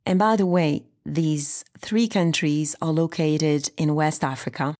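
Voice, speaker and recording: A woman's voice: deep voice, steady tone, measured pace, a little mellow. A woman with a slight French accent hosting a faith podcast in an upbeat, encouraging way. She grew up in France, and French is her first language. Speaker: podcast host.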